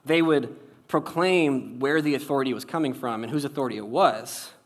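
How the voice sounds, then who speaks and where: A man preaching a conversational sermon, wry and casual, shifting between loud and soft for emphasis. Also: medium pitch, normal speed. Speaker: pastor.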